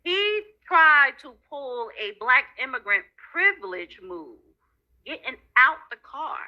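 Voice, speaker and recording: Woman, casual online opinion, dismissive, lively intonation, higher voice, dull lo-fi sound. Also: measured pace. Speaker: online commentator. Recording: dull lo-fi clip audio.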